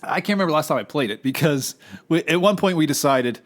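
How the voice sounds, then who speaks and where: Man, podcast co-host, high lively voice, teasing, casual banter. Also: fast. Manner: teasing, playful.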